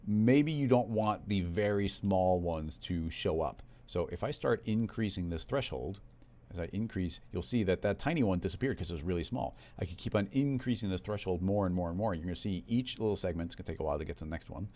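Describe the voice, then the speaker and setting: A man walking through a software tutorial in a relaxed, conversational step-by-step way. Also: low-pitched. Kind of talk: screen-recorded software tutorial.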